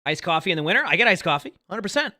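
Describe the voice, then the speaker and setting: A man's voice: sits high, sing-song, rapid-fire, bright, forceful tone, no echo, studio quality. A man streaming live, rambling casually and talking to his chat. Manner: rambling, chatty, talks to chat.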